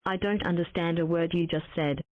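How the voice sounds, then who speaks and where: A synthetic woman's voice reading game text aloud in an even, mechanical way. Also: lowish voice, fairly quick, no echo. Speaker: text-to-speech game narrator. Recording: tinny phone-like dry sound.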